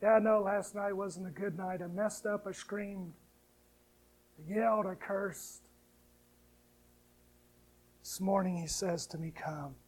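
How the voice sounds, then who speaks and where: A man preaching a sermon, moving from hushed, tender lines to loud, rising appeals and slowly reciting hymn verses. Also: sits high, steady tone, poor audio. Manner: preaching with sharp swings between soft, hushed lines and loud, rising ones. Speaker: pastor.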